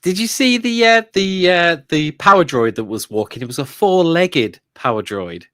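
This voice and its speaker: A man's voice: on the high side, animated, moderate pace, a bit bright, no room sound, clean studio sound. Enthusiastic man, rambling fan chat. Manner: enthusiastic, rambling with fillers and laughs. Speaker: podcast co-host. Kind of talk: casual fan review chat.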